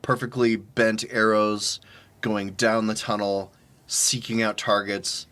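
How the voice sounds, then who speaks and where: A man narrating a tabletop game as game master, relaxed and halting with frequent ums. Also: on the low side, smooth.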